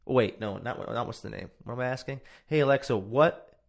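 In his home podcast room, a man hosts a casual show on his own, rambling, profane, and self-mocking. He speaks briskly in a creaky, mid-range voice.

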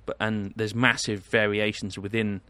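A man's voice: on the low side, little pitch movement, normal speed, sharp tone. A British man from Southwest England, chatting casually on a podcast. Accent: British English. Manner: chatty, does joking impressions of accents.

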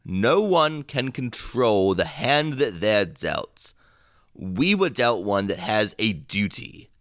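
Stern lecturing family patriarch played by a guy, slow and dry, pitch swings a lot when he preaches duty. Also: very animated, a bit bright, dry recording, exaggerated voice. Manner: solemn, lecturing. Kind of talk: tabletop role-play in character.

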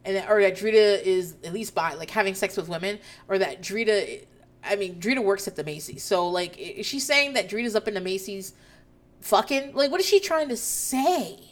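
A woman's voice: medium pitch, lively intonation, moderate pace. A woman casually recapping a reality show episode, profane and incredulous as she tells the story.

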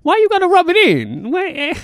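A performer voicing an angry, legless male prison escapee who shouts and curses. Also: extremely high pitch, huge pitch swings, a little fast, no room sound, studio quality, heavily acted. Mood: furious. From Puerto Rico. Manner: profane, shouting.

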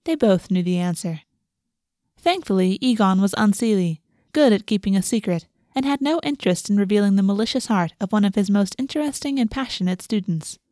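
Woman reading a dark fantasy story. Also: mid-range voice, expressive, brisk, no room sound, studio quality. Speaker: narrator. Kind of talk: storybook narration.

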